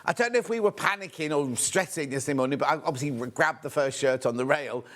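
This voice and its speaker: A man from the West Midlands of England hosting a live shopping show from a TV studio, talking in a chatty, rambling way with hurried asides. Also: a little high, fairly bright tone. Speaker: shopping channel host.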